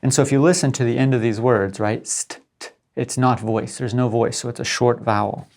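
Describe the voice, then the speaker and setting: A man's voice: medium pitch, fairly even intonation, a little fast, gravelly, darkish tone. A middle-aged male professor giving a lecture, explaining step by step and often checking in with "right?".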